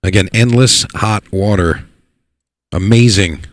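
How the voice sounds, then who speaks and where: Man, live pool commentary, very low voice, dry close sound, excitable, repeats words. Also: slow pace, no echo. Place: pool hall.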